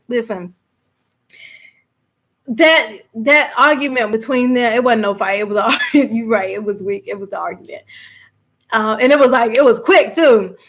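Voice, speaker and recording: A woman with a slightly high voice hosts a live movie discussion. She talks casually to her viewers, lively and chatty, often breaking into laughter.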